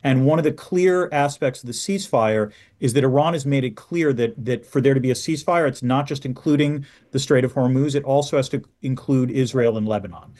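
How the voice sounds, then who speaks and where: Male guest expert, analytical, measured delivery. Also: medium pitch, a little mellow. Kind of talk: radio interview.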